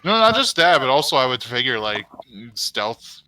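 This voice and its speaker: A man's voice: mid-range voice, very animated, normal speed, pushed and bright, no room sound, rough recording. A man playing a tabletop game, rambling and hedging as he thinks aloud. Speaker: player.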